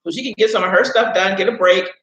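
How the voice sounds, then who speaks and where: A man's voice: sits high, steady tone, fast talker, bright, forceful tone. A man from Illinois telling a rambling childhood story on a live stream, often saying "anyways" and "right?". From Illinois, USA. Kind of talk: casual storytelling. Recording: echoey room, dull sound.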